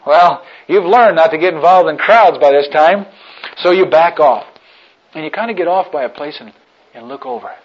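A man preaching a sermon as dramatic storytelling, dropping to a hush and then rising to loud outbursts. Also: fairly high pitch, animated, normal speed, gravelly. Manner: dramatic storytelling, swings from hushed to shouting. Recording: dull lo-fi recording.

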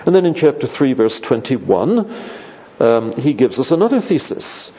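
Male Bible teacher, orderly lecture delivery with ums, mellow tone, muffled lo-fi tape with light hiss. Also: medium pitch, very animated. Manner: methodical, measured, with frequent ums and uhs. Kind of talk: lecture on scripture. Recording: dull lo-fi recording with faint hiss.

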